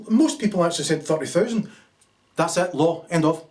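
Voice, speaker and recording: A man rants at length, swearing freely and slipping into sarcastic, acted-out little scenes. His voice sits a touch higher than most men's. The mic is set back from him a bit. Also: lively intonation, brisk, recorded from a distance. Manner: angry, profane and sarcastic, acting out scenes. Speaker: political commentator. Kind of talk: ranting monologue.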